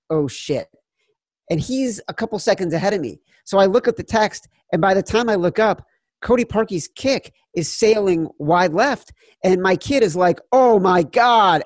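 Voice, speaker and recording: A man in his forties, a podcast co-host telling a sports betting story and loudly acting out quotes. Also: a little high, no echo, studio quality. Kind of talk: casual sports betting chat.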